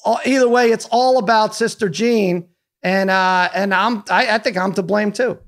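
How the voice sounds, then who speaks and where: A man co-hosting a sports talk show, chatty and quick to laugh as he runs through results. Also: high-pitched, a bit bright. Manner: chatty, laughing, rattling off scores. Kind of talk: casual sports banter.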